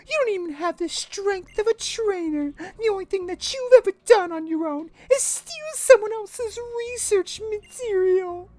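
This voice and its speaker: A woman's voice: very high-pitched, dark tone, voice pushed up. A woman voicing a haughty, cruel villainous mother, read with dramatic, cold theatricality. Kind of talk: voicing game text aloud.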